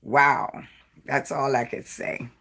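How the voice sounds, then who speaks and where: Tired woman host, unhurried chatty live-stream talk, rambling and friendly to viewers. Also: a bass voice, expressive, a bit bright. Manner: rambling, chatty storytelling, greets viewers by name. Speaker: live-stream host of a jewelry design channel. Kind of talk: casual live-stream chat.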